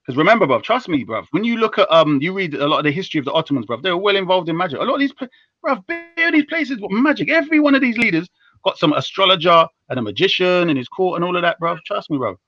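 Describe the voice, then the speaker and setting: A young man is holding forth on a live stream in slangy, teasing banter, his voice bright and a touch high. He jumps from loud bursts to low asides. The sound is dry and a little dull, like lo-fi stream audio. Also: dry recording. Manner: animated, teasing, slangy, rapid switches between loud and low.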